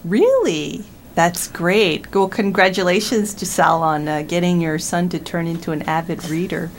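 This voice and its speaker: A woman's voice: fairly low pitch, normal speed, slight background noise. A woman hosting a radio program, interviewing a parent, encouraging and friendly.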